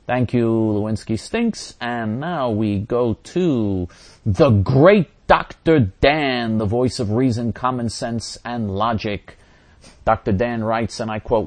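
A man's voice: on the low side, unhurried, darkish tone. A man hosting a talk show, answering listener messages in a rambling, sarcastic way with frequent restarts.

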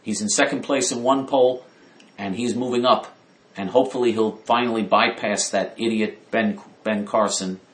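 A man's voice: lowish voice, fairly even intonation, normal speed, reverberant. A man giving opinionated political commentary, indignant and emphatic, repeating his points.

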